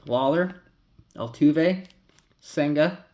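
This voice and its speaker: A man's voice: on the high side, drawn-out words, a little mellow. A man casually talking through a pack opening, rambling and calling out names as he flips through cards. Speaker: card collector vlogger.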